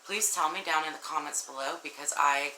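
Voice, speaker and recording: A woman's voice: low voice, brisk, roomy sound, noisy background. A woman giving an earnest, emotional tarot reading and talking straight to her viewers. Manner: earnest, warm-hearted, addresses viewers directly, emotional. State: tearful at times. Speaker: tarot reader.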